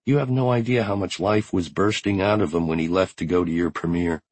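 Guy reading as a worn-out widow who talks straight, deep husky voice, dry close sound. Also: a little fast, darkish tone, no room sound. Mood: earnest. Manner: blunt, earnest. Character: grieving widowed woman, tired but strong. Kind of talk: audiobook character reading.

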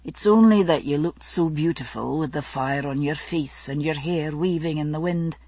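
Woman reading as a tender Scottish highland man: lowered, hushed, husky. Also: moderate pace, no echo, distant mic. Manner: low and hushed.

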